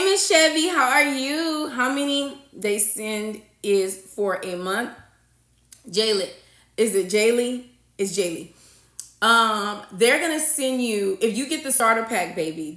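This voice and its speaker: A woman's voice: a little high, a bit bright, echoey room. A woman, a registered nurse, hosting a casual livestream and chatting with her viewers. She repeats her points and reads out and answers comments from the chat. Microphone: phone or webcam livestream setup.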